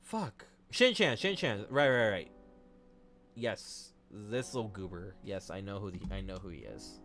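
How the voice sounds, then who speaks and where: Excitable young man streaming to chat. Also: lowish voice, a little slow. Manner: excitable, swears often, talks to chat. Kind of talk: casual live-stream chat while drawing.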